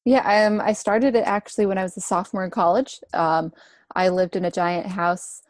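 A young woman in her twenties, a guest in a casual interview, talking in a relaxed, chatty way with many fillers. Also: medium pitch, moderate pace, no room sound, studio quality. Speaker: guest, runner and food blogger.

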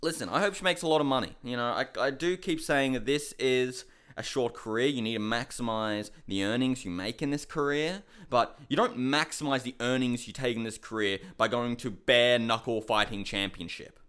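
A man's voice: medium pitch, normal speed, few pauses, fairly bright tone, smooth. A young man giving a heated, incredulous rant on fighting news, swearing often. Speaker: MMA commentator. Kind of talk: ranting commentary to camera.

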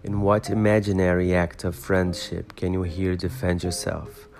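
Man reading as a spirited young heroine, storybook, low flat voice, forceful accusing tone, guitar music behind. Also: normal speed, vocal fry. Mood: indignant.

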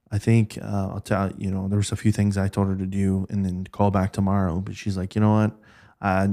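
A man casually telling stories from an old job, acting out the people he quotes. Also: fairly low pitch. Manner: animated, acts out quoted voices. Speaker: podcast guest recounting work stories. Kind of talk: casual storytelling chat.

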